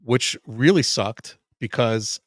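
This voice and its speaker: A man's voice: mid-range voice, slow pace, no room sound, clean studio sound. A man, a podcast guest, telling a long story in casual chat, profane and full of restarts. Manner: rambling, profane, frequent restarts.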